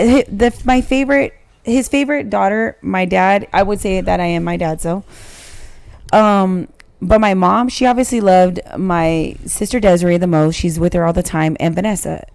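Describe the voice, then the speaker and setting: A woman's voice: on the low side, vocal fry, darkish tone, no echo. A woman in her forties, a podcast guest, telling a personal story in blunt, emotional, heavily sworn casual chat.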